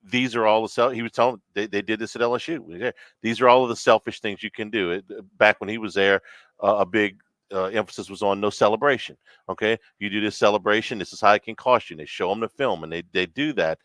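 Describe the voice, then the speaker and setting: A man co-hosting a live sports radio show, talking in an easygoing, casual way with halting restarts. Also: on the low side, steady tone, a bit bright, dry recording. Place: restaurant, live remote broadcast.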